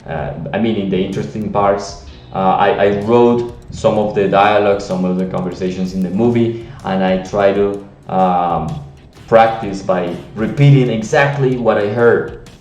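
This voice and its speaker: A man's voice: on the low side, fairly even intonation, normal speed, a little mellow, echoey room, distant mic, soft background music. A man with a Latin American Spanish accent, giving an earnest teaching talk on language learning with frequent restarts. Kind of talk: teaching monologue to camera.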